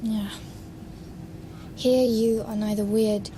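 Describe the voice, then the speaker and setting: A woman's voice: on the high side, fairly even intonation, slow pace, dark tone, a little hiss or hum, poor audio. A dry, teasing girl.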